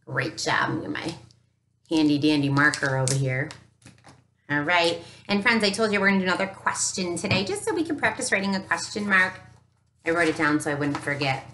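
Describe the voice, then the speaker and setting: A woman teacher giving a recorded phonics lesson to young children, upbeat and encouraging, sounding out each letter slowly. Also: fairly low pitch, pushed and bright, a little hiss or hum. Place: home teaching space with an easel. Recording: echoey room.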